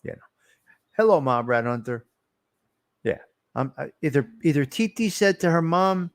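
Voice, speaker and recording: A man's voice: mid-range voice, animated, moderate pace, long pauses. A middle-aged man, rambling and teasing viewers by name as he hosts a casual live stream. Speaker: livestream host.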